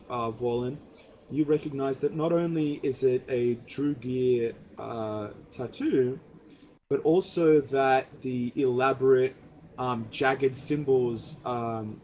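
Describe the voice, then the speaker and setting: A man's voice: mid-range voice, darkish tone, slight background noise. A man running a tabletop game as game master, narrating with lots of fillers and self-corrections.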